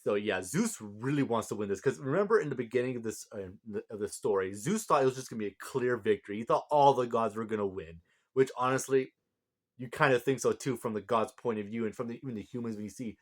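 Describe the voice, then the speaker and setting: A man's voice: mid-range voice, fast talker. Rambling man reviewing a manga chapter. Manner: rambling, laughs often, reads out dialogue. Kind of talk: casual chapter breakdown.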